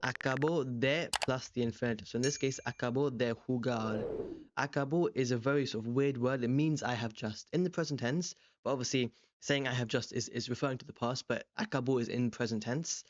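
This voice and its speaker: A young man tutoring, walking through an exam question in a relaxed, rambling way with many ums and self-corrections. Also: mid-range voice, fairly quick, no echo, dull audio. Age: young adult. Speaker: language tutor. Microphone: desk microphone beside a webcam.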